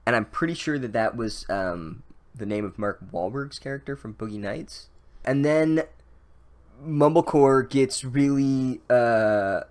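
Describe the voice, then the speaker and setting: A man's voice: medium pitch, a little slow, a little mellow. A man giving a rambling, sarcastic, profane comedic recap of a book, full of "like" and restarts.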